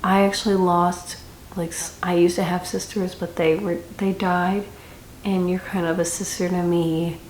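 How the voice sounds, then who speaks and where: A woman's voice: on the low side, little pitch movement, normal speed, darkish tone. A young woman giving a casual, chatty book review with dramatic reactions and rambling asides. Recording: echoey room with faint noise.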